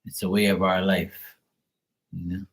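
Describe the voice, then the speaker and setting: A man's voice: low voice, level tone, normal speed. A man hosting a livestream, chatting casually and bluntly with viewers and swearing freely. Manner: profane, blunt, talks back to viewers. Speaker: livestream host.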